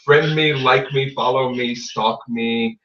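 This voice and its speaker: A man hosting a casual tarot podcast takes it slowly, his mid-range voice steady and fairly bright. He's playful, joking, and self-promoting about his readings, and the sound is distant, roomy, dull, and lo-fi.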